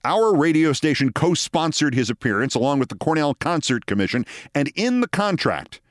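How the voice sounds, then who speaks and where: A man in his sixties, a host telling a long story in a wry, deliberate way. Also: a little high, no room sound, clean studio sound. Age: 60s. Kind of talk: storytelling monologue.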